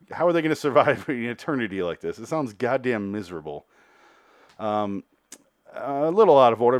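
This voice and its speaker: In a dry, studio-quality recording, a man with a mid-range voice hosts a solo podcast reviewing a TV series. He recaps an episode in a chatty, rambling, profane way.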